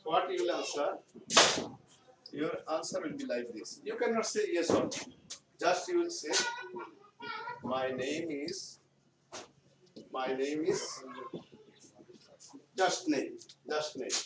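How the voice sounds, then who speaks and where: A male teacher with a Bangladeshi English accent giving a classroom grammar lesson, speaking slowly and repeating his phrases. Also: fairly high pitch, lively intonation. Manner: slow, repetitive explaining, often restating phrases. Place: school classroom. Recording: echoey room, far mic, noisy background.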